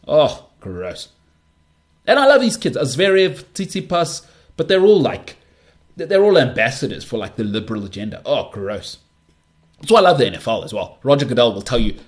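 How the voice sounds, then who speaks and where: A man hosting his own show, delivering an emphatic, scornful sports rant full of repetition. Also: mid-range voice. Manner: emphatic, scornful, repeats himself. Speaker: show host.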